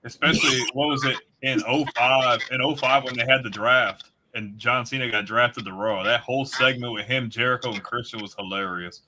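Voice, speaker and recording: A man in casual chat, excitable and full of mild slang while recalling moments. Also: medium pitch, normal speed, few pauses, a little hiss or hum.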